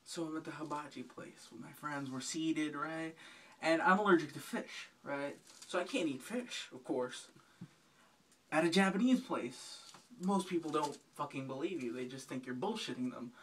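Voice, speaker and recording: A man's voice: fairly high pitch, moderate pace, fairly bright tone, recorded from a distance, slight background noise. A man doing stand-up, telling a rambling, profane, self-mocking story. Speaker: stand-up comedian.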